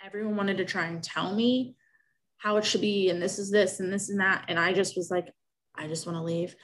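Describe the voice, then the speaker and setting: A young woman talks through a personal story in a loose, chatty way. She gets emotional, rambles, and keeps restarting her sentences. Her voice sits at an ordinary middle pitch for a woman. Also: fairly even intonation, fairly quick, a bit bright.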